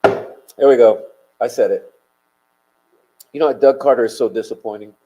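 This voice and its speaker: A man hosts a loose late-night livestream, talking in a mellow, warm voice at a middling pitch. He rambles, greets viewers and swears for emphasis. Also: moderate pace, low-quality recording. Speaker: livestream host. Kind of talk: casual livestream chat, reading viewer comments.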